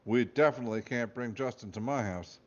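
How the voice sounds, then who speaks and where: A man's voice: mid-range voice, a little fast, highs cut off, natural voice. A man voicing a grumpy, easily bored teenage boy who grumbles dryly. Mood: grumbling.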